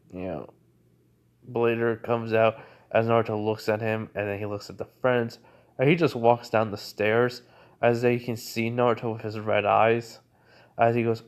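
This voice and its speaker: A man's voice: fairly low pitch, clear, resonant tone. Rambling man telling a fan story. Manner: rambling, heavy use of "you know" fillers. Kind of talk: casual retelling of a fan-made crossover story.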